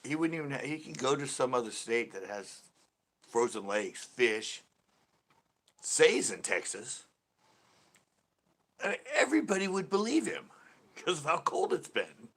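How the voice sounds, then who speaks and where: A man's voice: mid-range voice, sing-song, a little slow, pauses often, fairly bright tone. A man hosting a casual fishing live stream, joking and rambling as he chats with viewers. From California. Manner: joking, rambling, laughs a lot. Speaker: fishing channel host.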